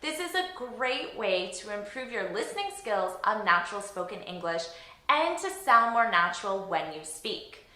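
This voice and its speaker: A woman with an American accent teaching an English lesson, speaking clearly and repeating phrases for learners. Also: medium pitch, sing-song, moderate pace, pushed and bright. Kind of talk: language lesson. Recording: echoey room.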